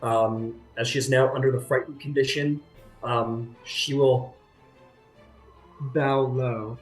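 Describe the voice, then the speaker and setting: A man's voice: medium pitch, fairly even intonation, takes it slowly. Guy running a tabletop game, casual, lots of ums, roomy echo, faint music. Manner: casual, many fillers. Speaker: game master. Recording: echoey room with faint music.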